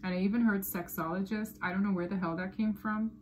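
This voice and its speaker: A woman giving a tarot reading to her viewers, talking in a loose, animated way, often laughing and repeating phrases. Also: medium pitch, fast, slight background noise, poor audio. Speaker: tarot reader. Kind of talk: casual tarot reading to camera.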